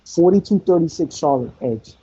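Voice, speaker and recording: A man talking sports on a podcast with emphatic, repetitive points. His voice is dark and husky. The audio is dull and lo-fi. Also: fairly high pitch, lively intonation, moderate pace. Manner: emphatic, repeats himself. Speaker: podcast co-host. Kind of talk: casual sports talk.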